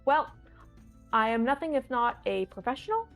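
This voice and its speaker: A woman's voice: sits high, big pitch swings, normal speed, fairly bright tone, faint music behind. A woman standing in as host of a live tabletop game stream, answering viewer questions in a playful, chatty, rambling way with many restarts. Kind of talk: casual live-stream chat.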